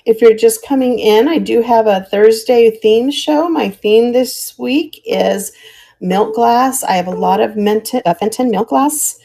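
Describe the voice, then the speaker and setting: A woman's voice: on the high side, unhurried, vocal fry, mellow. Chatty older woman selling trinkets live. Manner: chatty, friendly, describes items while hunting for words. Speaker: live-stream auction seller. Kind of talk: casual live selling chat.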